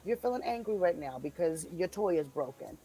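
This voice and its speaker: A woman guest in casual livestream chat, talking in an animated, ranting way with quick laughs. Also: on the low side, poor audio.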